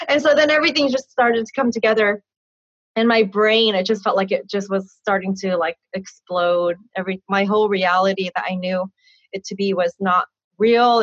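Her husky mid-range voice keeps a moderate pace as this interview guest, a woman in her thirties, tells her personal story with candor and liveliness. She laughs often and reenacts conversations. The recording sounds dry, dull and lo-fi.

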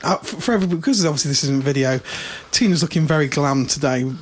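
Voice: mid-range voice, quick pace. A podcast host chatting casually and chiming in with short supportive remarks. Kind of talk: casual chat.

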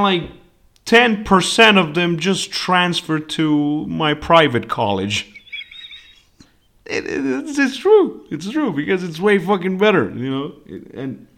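A man's voice: medium pitch, creaky. A young man hosting a podcast, telling a rambling story full of swearing in a casual monologue. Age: young adult. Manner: profane, rambling and animated. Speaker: podcast host.

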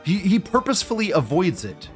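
A man with a fairly high voice hosts a loose live-stream commentary, full of profanity and sarcasm. He lurches from loud, incredulous outbursts to quiet mutters, with faint guitar music playing behind him. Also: sing-song, brisk. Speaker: livestream host.

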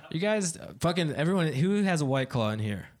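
A man's voice: on the high side, big pitch swings, normal speed, heavy background noise. A young man doing a stand-up comedy set on a club stage, swearing freely and laughing at his own jokes.

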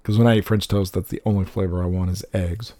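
A man in his thirties on a casual podcast, animated and swearing freely, laughing often. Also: sits low, quick pace, dry recording. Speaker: podcast co-host.

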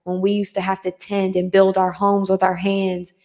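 A woman's voice: medium pitch, completely flat delivery, moderate pace, darkish tone. Earnest woman hosting a live motivational talk. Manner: earnest, repetitive, greets live viewers. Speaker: podcast host.

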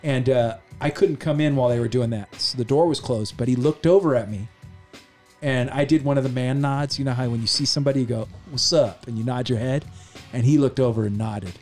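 A man's voice: mid-range voice, brisk, darkish tone, faint music behind. Earnest middle-aged man telling a story. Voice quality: earnest, emphatic, swears casually. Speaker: radio DJ and podcast host. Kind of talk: casual storytelling chat.

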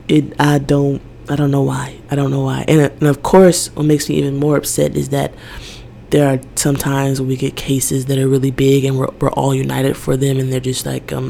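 A woman's voice: rumbling low, vocal fry, mellow, slight background noise. A young woman hosting a podcast, speaking in a casual personal monologue that is emotional and rambling, with a lot of "like". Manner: emotional, rambling, heavy use of "like". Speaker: podcast host.

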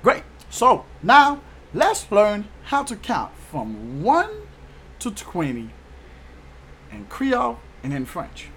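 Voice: medium pitch, sing-song, slow, a bit bright, a little hiss or hum. A host from Haiti teaching a casual online language lesson, upbeat and repeating each word for learners.

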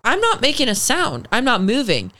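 A young woman, a podcast guest, telling a personal story in casual chat, animated and swearing freely, acting out the people she quotes. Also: on the high side, moderate pace. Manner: acts out the people in her story.

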